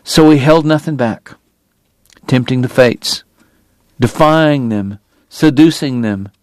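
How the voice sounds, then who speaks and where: A man's voice: medium pitch, slow pace, dry recording. A man narrating an audiobook in a lyrical, dramatic style that builds in intensity.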